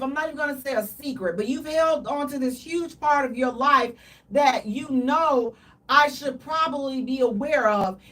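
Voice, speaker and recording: A woman co-hosting a casual radio talk show, animated and dramatic, with playful exaggeration. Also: sits high, normal speed, far from the mic.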